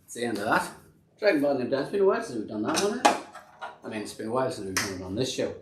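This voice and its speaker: A man's voice: medium pitch, big pitch swings, racing, heavy background noise. Rambling man in an echoey room. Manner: rambling, self-deprecating, with many restarts. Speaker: host and band member. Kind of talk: casual live-stream chat.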